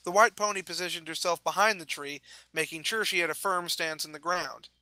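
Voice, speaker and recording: A man narrating a fan fiction story with an expressive reading. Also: fairly high pitch, brisk, dry recording, low-quality recording.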